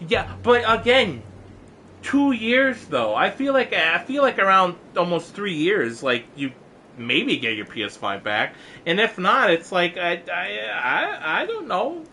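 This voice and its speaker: Rambling young man streaming, bright voice. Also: sits high, very animated, unhurried, slight background noise. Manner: rambling, exasperated, lots of fillers and restarts; mock-angry teasing of a chat viewer. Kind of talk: casual live-stream chat.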